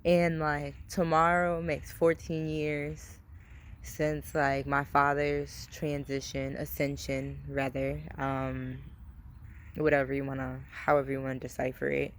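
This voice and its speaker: Speaking a little slowly in a low, completely flat voice, a young woman shares casual personal vlog talk with her camera. She opens up and confides, rambling with fillers and cursing freely.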